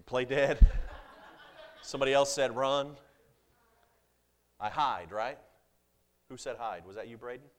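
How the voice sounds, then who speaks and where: A man preaching a sermon to a congregation, with big swings in loudness and pitch and jokes with the listeners. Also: takes it slowly, long pauses.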